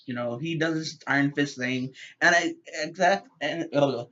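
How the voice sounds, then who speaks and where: A man's voice: fairly high pitch, moderate pace, sharp tone, dull audio. Rambling man reviewing a show. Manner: rambling, many fillers and repeated words. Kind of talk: casual unscripted review.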